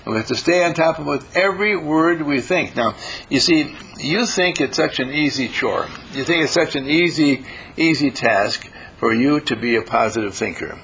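A man's voice: fairly high pitch, normal speed, fairly bright tone, slight background noise, low-quality recording. An older man giving a folksy, informal motivational talk to a group, homespun in manner and slipping into playful quoted voices. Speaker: group teacher.

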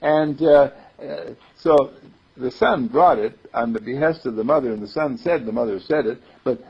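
A man's voice: mid-range voice, moderate pace, vocal fry, slightly rough. A man giving an informal spiritual talk to a group, playful and chuckling, repeating affirmations, on a dull lo-fi recording. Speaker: spiritual teacher.

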